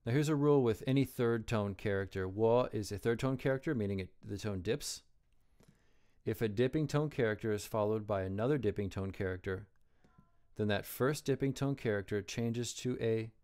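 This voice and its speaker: A man teaching Chinese characters, explaining strokes and tones slowly and carefully. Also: fairly low pitch, a little mellow. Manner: slow, careful modeling of pronunciation.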